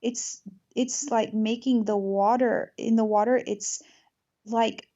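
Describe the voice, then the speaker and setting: A woman's voice: fairly high pitch, steady tone, slow, mellow, lo-fi sound. A woman hosting an interview, talking earnestly in long flowing runs in a casual spiritual conversation. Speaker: podcast host.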